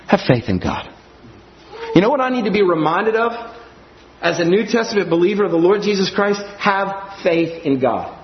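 A man preaching a sermon in an animated way, acting out scenes from scripture and everyday life. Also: sits high, slight background noise. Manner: animated, acts out scenes in character voices. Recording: dull lo-fi audio.

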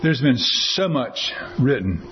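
A man preaching with earnest conviction, his voice rising and falling a lot. He repeats words as he goes and slows down to quote scripture. The recording is slightly dull, with faint background ambience. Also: mid-range voice, very animated, slight background noise. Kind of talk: sermon.

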